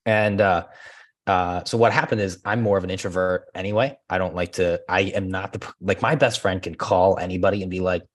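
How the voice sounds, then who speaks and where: A man with a fairly low voice and a brisk, fast pace tells stories in a relaxed podcast chat. He laughs easily and switches into animated voices when he acts out phone calls. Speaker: guest, former real estate agent. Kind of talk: casual podcast conversation.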